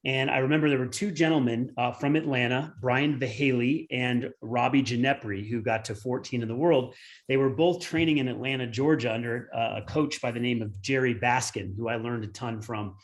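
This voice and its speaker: A man's voice: medium pitch, fairly even intonation, fairly quick. A man in his forties, a former pro turned tennis coach, telling a long story in a webinar with many fillers. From United States. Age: 40s.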